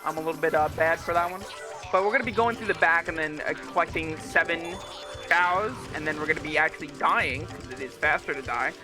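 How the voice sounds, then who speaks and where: A man's voice: a little high, fairly quick. A man explaining his speedrun route in a casual, laid-back way with lots of filler words. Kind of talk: casual live game commentary. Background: game music.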